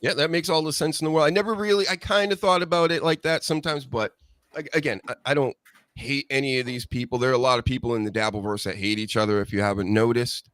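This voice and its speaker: A man's voice: mid-range voice, fairly even intonation, fast, fairly bright tone, no room sound. Blunt male podcast host, dry sound. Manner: blunt, opinionated, loose and rambling. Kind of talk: casual podcast chat.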